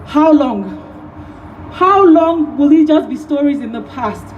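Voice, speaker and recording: Emotional high-voiced woman at a rally. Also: expressive, unhurried, highs cut off, soft background music. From Nigeria. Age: 30s. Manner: emotional, rousing, repeats key phrases. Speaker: rally speaker. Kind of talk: impassioned outdoor rally speech. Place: outdoor rally.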